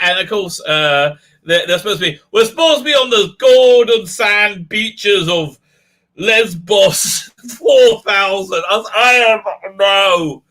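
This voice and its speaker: A man's voice: sits high, pushed and bright. A man giving a casual, sarcastic episode recap and review, ranting animatedly and laughing often. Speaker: video reviewer.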